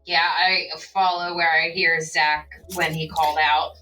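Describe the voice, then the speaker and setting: A woman's voice: low-pitched, little pitch movement, measured pace, pushed and bright, distant mic, faint music behind, poor audio. A woman playing a tabletop game, joking around in playful banter. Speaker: player. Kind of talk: casual tabletop play.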